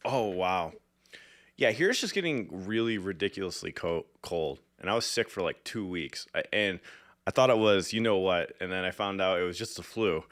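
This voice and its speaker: A man's voice: deep voice, expressive, moderate pace, a bit bright, dry recording. A man hosting a casual livestream interview from his home studio, laughing often and rambling playfully. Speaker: podcast host. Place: home studio under bright lights.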